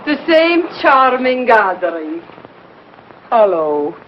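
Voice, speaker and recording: Slow-spoken, snooty diva with fake foreign airs, muffled old soundtrack. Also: female voice, on the high side, sing-song, slight background noise. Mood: haughty. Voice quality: put-on foreign accent, grand and disdainful. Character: haughty burlesque star with a phony foreign accent. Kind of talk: 1940s film acting. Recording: muffled 1940s film soundtrack with faint music.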